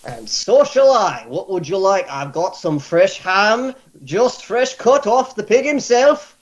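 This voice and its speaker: A man's voice: very animated, takes it slowly, exaggerated voice. A man voicing a jolly old male tavern keeper who talks in a hearty, folksy way. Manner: hearty, booming, folksy 'aye, lassie' talk.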